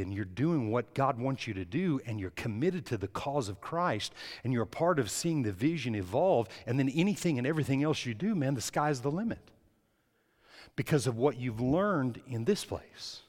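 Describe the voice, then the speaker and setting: A man preaching a sermon as pastor, swinging between soft words and loud, impassioned stretches. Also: medium pitch, in a large hall. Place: church.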